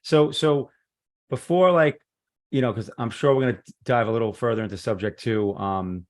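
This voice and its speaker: A man's voice: mid-range voice, moderate pace. A man hosting a podcast interview, chiming in with short remarks and follow-up questions. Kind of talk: casual interview chat.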